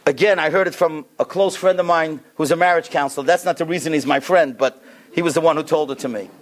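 High-voiced man preaching with animated stories. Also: quick pace. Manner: animated storyteller, voice rising on key points. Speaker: rabbi. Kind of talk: sermon storytelling.

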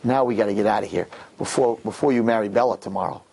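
A man voicing a wise old servant, speaking low, measured and urgent. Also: creaky, warm tone, husky, low-quality recording. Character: wise old male servant, calm and steady.

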